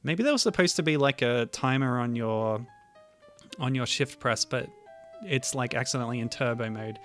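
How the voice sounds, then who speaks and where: A man's voice: medium pitch, expressive, normal speed, soft background music. A man streaming games, chatting casually, thinking aloud and laughing often. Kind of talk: casual livestream chat.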